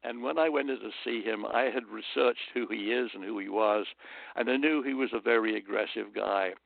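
This London man's voice is fairly low and gravelly, with a moderate pace and dry recording over a tinny phone line. Speaking with a British accent, the guest storyteller earnestly recounts anecdotes in an interview and drifts into motivational asides.

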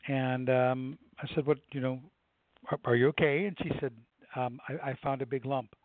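A man's voice: mid-range voice, fairly even intonation, moderate pace, no room sound. An older man, a nonprofit director, earnestly telling a story in an interview with frequent restarts. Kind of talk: conversational interview answers. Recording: dry, tinny phone-like sound.

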